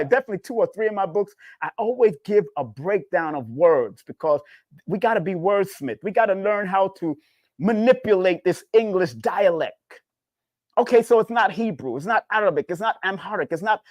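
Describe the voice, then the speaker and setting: Preachy man with a dry close sound. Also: no echo. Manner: preachy, repetitive, animated swings in pitch. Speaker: spiritual numerology teacher. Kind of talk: casual spiritual talk.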